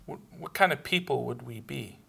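Bright-voiced man preaching a sermon. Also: mid-range voice, moderate pace, vocal fry, husky. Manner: storytelling with laughs, animated quoted dialogue. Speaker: pastor.

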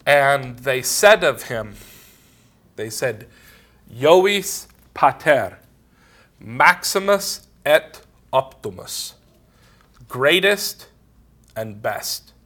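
A man's voice: mid-range voice, big pitch swings, drawn-out words, long pauses, fairly bright tone. A man giving a casual theology lecture, wandering into asides and often saying "you know".

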